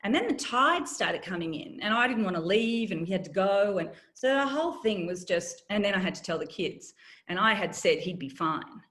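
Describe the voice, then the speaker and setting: A woman's voice: medium pitch, lively intonation, normal speed, fairly bright tone. A middle-aged woman, telling a personal story in an interview, candid and wry. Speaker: guest, former journalist.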